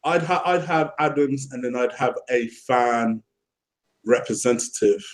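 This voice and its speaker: A man's voice: mid-range voice, measured pace. Easygoing man chatting about football. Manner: easygoing, laughing along, asks questions. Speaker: guest co-host. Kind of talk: casual fan chat.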